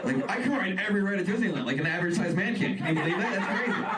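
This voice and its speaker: A young man doing a stand-up comedy set on stage, self-deprecating and animated. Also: high voice, racing, heavy background noise. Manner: self-deprecating, animated, slips into quoted voices. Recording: echoey room from far off, loud audience laughter.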